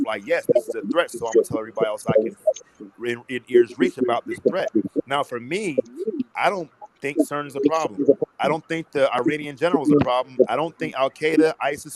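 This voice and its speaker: A man's voice: medium pitch, rough recording. Profane streetwise man rambling. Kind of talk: casual rambling chat.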